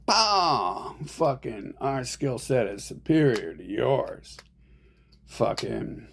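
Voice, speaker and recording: A man's voice: medium pitch, creaky, a little mellow, slight background noise. A man ranting in a rambling monologue, profane and agitated, speaking as an online commentator.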